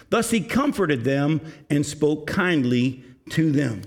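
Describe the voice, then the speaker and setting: A man's voice: a little high, big pitch swings, slow pace, few pauses. A man preaching a sermon, reading scripture aloud and explaining it to his congregation. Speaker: pastor.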